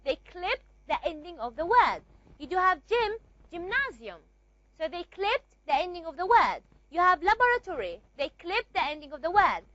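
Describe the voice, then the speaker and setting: High-voiced woman teaching a lecture. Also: big pitch swings, moderate pace, a bit bright, no echo, dull audio. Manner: repeats and asks rhetorical checks, with frequent fillers. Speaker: linguistics teacher. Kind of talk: recorded classroom lecture.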